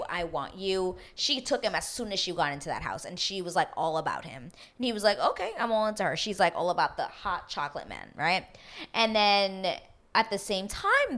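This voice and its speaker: A woman's voice: lowish voice, fairly bright tone. A woman recapping a reality show in a casual chat, gossipy, with lots of asides and tag questions. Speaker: recap vlogger.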